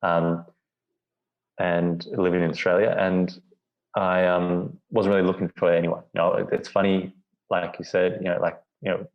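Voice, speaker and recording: Deep flat-voiced man, rambling. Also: moderate pace. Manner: rambling, many "you know" fillers and restarts. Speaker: podcast guest. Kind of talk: reflective storytelling. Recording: dull lo-fi audio.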